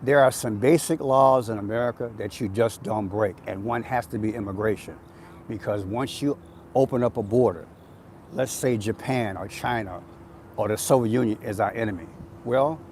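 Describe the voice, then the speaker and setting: A man's voice: fairly low pitch, normal speed, darkish tone, a little hiss or hum. A man hosting an outdoor live stream, talking in an emphatic, repetitive, preachy way. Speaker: channel host. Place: outdoors on an urban street.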